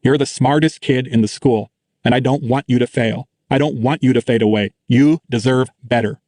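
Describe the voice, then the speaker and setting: A man voicing a weary, earnest older male teacher who speaks low, slow and urgent. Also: a little mellow, no echo, clean studio sound, lightly acted.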